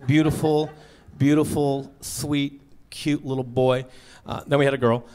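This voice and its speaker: A man in his thirties performing a stand-up comedy set, telling stories in a deadpan, conversational way into a handheld stage mic. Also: medium pitch, unhurried, slight background noise. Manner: deadpan, conversational storytelling with acted-out asides. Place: comedy stage before a live audience.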